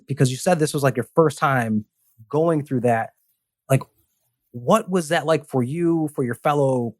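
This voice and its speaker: A man hosting a podcast, asking interview questions in a measured, thoughtful, affirming way. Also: a little high, no echo, studio quality. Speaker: podcast host.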